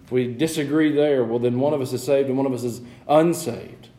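A man's voice: medium pitch, a little fast, mellow. A man in his thirties preaching a sermon in a church sanctuary, chatty with joking asides, building to emphatic passages. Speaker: pastor. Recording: echoey church room.

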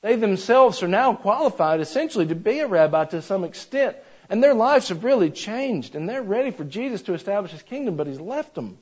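A man's voice: high-pitched, sing-song, fairly quick, few pauses, breathy edge. A man preaching a sermon in a folksy, conversational way, talking straight to his congregation. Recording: slightly dull lo-fi sound.

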